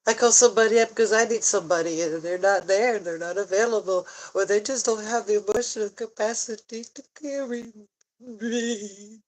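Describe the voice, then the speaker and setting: A woman talking tearfully in a personal vlog, halting and sighing often, frank and swearing at times. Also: medium pitch, low-quality recording. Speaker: vlogger.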